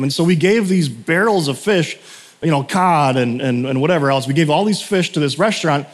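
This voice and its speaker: A man's voice: a little high, lively intonation, a little fast. A man preaching a casual sermon, a chatty storyteller who often interrupts himself, in a church sanctuary. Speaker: pastor. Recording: long hall reverb.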